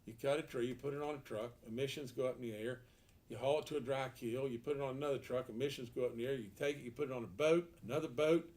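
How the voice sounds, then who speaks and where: A man's voice: mid-range voice, fast, darkish tone. A man, a political candidate answering an editorial board in a folksy, emphatic way, repeating words and asking rhetorical questions. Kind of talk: unscripted interview answer. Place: meeting room around a table.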